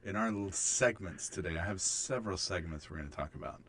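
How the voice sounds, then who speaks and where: A man's voice: sits low, fast, a bit bright. A man hosting a podcast, joking and teasing his guests with mock-serious bits. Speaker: lead host. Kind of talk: casual podcast chat.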